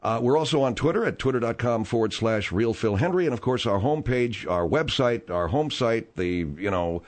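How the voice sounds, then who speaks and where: This radio host, a man with a medium-pitched voice at a normal pace, runs a comedy talk show. He reads news items and banters in an animated, jokey way laced with exasperated humor.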